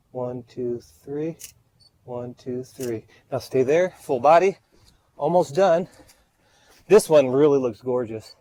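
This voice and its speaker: A man's voice: medium pitch, dark tone, rough recording. Breathless man counting off photo shots. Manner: counts off shots, gives brief directions. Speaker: photographer directing a model. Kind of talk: on-location shoot commentary. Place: outdoors by a street.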